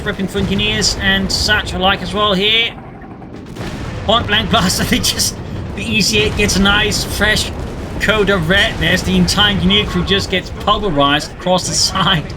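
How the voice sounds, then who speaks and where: A man commenting a strategy game replay play by play, adding history asides. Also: high voice. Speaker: game caster. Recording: game sounds and engine noise behind the voice. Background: in-game battle sounds and vehicles.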